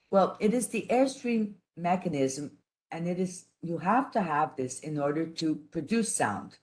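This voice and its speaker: A woman giving a teaching lecture, speaking in a careful, halting way with frequent restarts and pauses. She grew up speaking three languages at once. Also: deep voice, darkish tone. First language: none, raised trilingual. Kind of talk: online lecture.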